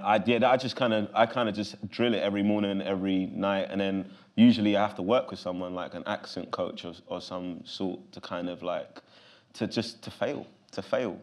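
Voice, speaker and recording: A man with a London accent, answering interview questions in an animated, loose way full of casual fillers. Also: sits low, normal speed. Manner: animated, loose, full of fillers like "you know what I'm saying". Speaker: actor guest.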